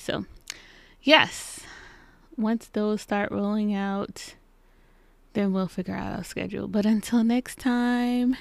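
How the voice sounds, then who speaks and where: A woman in her thirties hosting a casual solo podcast from her home basement, chatting and acting out little exchanges in lively voices. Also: mid-range voice, slow, gravelly, clear, resonant tone, no room sound. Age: 30s. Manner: chatty, acts out quoted exchanges in animated voices. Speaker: podcast host. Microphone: podcast microphone.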